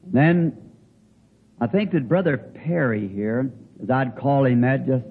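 An older man preaching in a folksy way, telling a homespun story with halting restarts. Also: medium pitch, breathy edge. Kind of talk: folksy sermon anecdote. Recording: tinny phone-like old recording with faint hiss.

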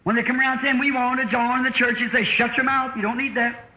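A man's voice: extremely high pitch, little pitch movement, fast talker. A man preaching a sermon in a church, telling a folksy story and acting out its dialogue in shifting voices. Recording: echoey dull old sermon tape.

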